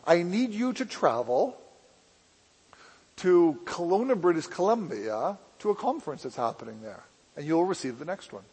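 A man preaching and telling a personal testimony in a rambling, animated way, with a mixed, hard-to-place accent. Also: high voice, husky, long reverb tail, rough recording. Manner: rambling, self-interrupting, animated storytelling. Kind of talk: sermon testimony storytelling.

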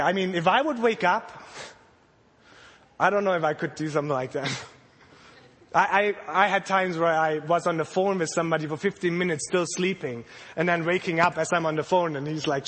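A man preaching in a high, light voice that carries a long reverb through a large hall. He tells the story with animated energy and slips into the voices of panicked disciples. It sounds like a sermon to children and a congregation. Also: fairly quick.

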